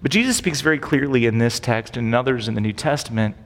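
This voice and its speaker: A pastor teaches through a Bible passage in a casual, conversational way, often checking in with rhetorical questions. His medium-pitched voice moves fast, and the recording has long reverb.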